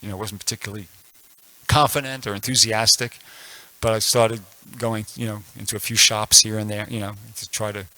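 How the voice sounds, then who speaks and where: A man in his sixties speaks at a temple class, his voice bright and forceful, sitting a little low. He talks loosely, doubling back over his words and filling pauses as he tells a story. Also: flat delivery, no echo, poor audio. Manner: rambling, frequent restarts and fillers. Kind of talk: casual spoken scripture class with personal story.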